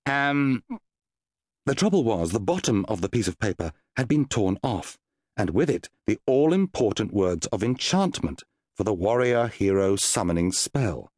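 Lively male storyteller. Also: on the low side, moderate pace, no room sound, studio quality. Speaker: audiobook narrator. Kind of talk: children's fantasy audiobook narration.

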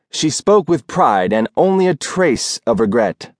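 A male audiobook narrator reading a novel in a measured, wry storytelling manner. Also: mid-range voice, big pitch swings, no room sound, studio quality. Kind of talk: scripted narration.

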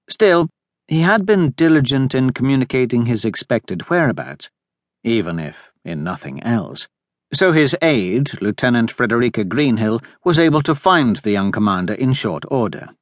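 A man narrating an audiobook in measured, steady storytelling in a recording studio. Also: fairly low pitch, no room sound. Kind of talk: scripted narration. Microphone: close studio mic.

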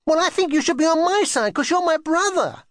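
A man voicing a stubborn, proud young girl in a children's audiobook, with a high, childish pleading voice. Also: lively intonation, measured pace, dry recording, clean studio sound. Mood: insistent.

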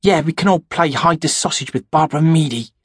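A man voicing a lonely, sarcastic sixteen-year-old boy with a husky voice. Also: on the high side, fairly quick, fairly bright tone, dry recording, studio quality, pitched above the performer's own voice. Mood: glum. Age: teens. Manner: glum, sarcastic.

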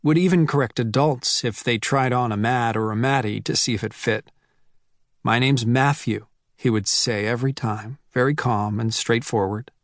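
A man narrates a first-person novel in a measured, reflective way, with a mid-range voice. He reads into a close mic in a dry booth with no room sound. Quoted lines come out a little raised. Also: medium pitch, dry recording. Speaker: audiobook narrator. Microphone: close studio mic.

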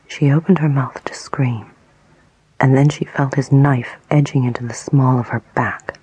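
A woman narrating an audiobook in a hushed, breathy whisper, slow and intimate. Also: extremely low pitch, fairly even intonation, no echo, low-quality recording. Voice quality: breathy, husky, gravelly.

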